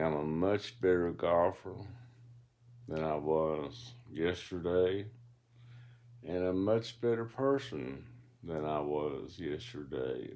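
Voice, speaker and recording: A man talks from his bed in a low, deep voice, wandering through reflective, philosophical asides. He takes his time, speaking slowly and unhurriedly, like a self-made audiobook read aloud. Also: a little mellow. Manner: meandering, reflective, philosophical musing. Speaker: self-published author reading his own audiobook. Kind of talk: rambling spoken-word monologue. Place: lying in bed in a dark room.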